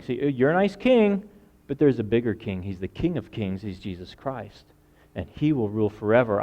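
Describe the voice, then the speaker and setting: A man's voice: fairly low pitch, normal speed, muffled recording. Man preaching with dramatic swings. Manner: dramatic, acts out quoted voices, swings from loud to quiet. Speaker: pastor. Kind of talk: sermon.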